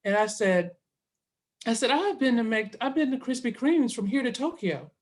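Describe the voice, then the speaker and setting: A woman's voice: a little high, moderate pace. Woman, middle-aged, chatty interview guest, acts out both sides of the story. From Southern US. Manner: animated, quotes herself and others in dialogue. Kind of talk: casual storytelling.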